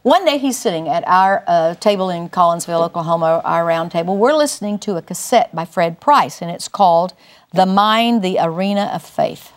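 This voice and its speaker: An older woman giving a Christian teaching through a personal testimony, telling it emphatically with big swings up in pitch. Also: animated, normal speed. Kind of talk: testimony-style Bible teaching.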